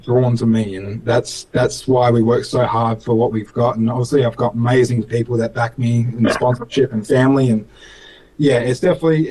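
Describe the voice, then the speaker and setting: A man's voice: mid-range voice, warm tone, poor audio. A young man with an Australian accent talks casually about racing, his voice sitting in a middle register. He rambles with fillers and restarts and slips into acted-out quotes of other people. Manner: chatty, lots of fillers and restarts, acts out dialogue. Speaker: speedcar driver. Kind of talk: casual interview chat.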